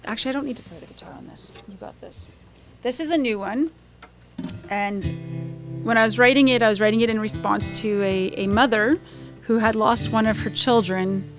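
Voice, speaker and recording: A woman's voice: fairly high pitch, moderate pace. Chatty woman singer talking between songs. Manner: chatty and scattered, losing and finding her thread. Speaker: singer-songwriter performing a live concert. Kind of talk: onstage chat between songs. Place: live concert stage. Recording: live concert recording with music underneath. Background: guitar playing.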